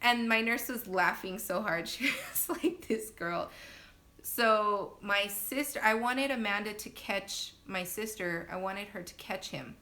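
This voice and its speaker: A young woman casually telling her birth story on a phone live stream, chatty and laughing often, acting out quotes in sudden loud high bursts. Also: measured pace. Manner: laughs often, many fillers.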